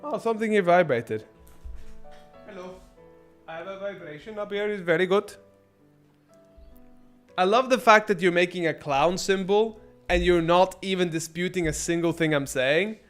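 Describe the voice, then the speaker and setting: Male streamer, raised-pitch voice, rambling sarcastic commentary, faint music behind. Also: normal speed, pauses often, a bit bright. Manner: rambling, crude and sarcastic, many restarts. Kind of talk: casual gameplay commentary.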